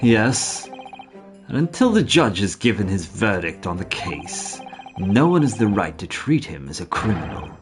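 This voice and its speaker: A man's voice: on the low side, very animated, a little slow, soft background music. A man voicing a posh English defence lawyer in a game, speaking with lofty assurance. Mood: haughty. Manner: crisp, lofty, assertive. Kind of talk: voicing game characters on a stream.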